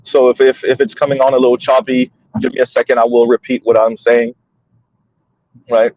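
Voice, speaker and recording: A man's voice: medium pitch, level tone, a little fast, a little mellow, highs cut off, slight background noise. A man hosting a casual commentary monologue from his car, emphatic and repetitive, talking straight to listeners. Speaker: commentary host. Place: in a car on the road.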